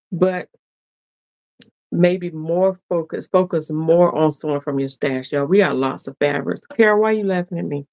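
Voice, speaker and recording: A woman's voice: sits low, a little mellow, no room sound. Chatty woman hosting a sewing livestream. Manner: chatty, laughing, talks to viewers directly. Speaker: sewing live-stream host. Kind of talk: casual live-stream chat with viewers.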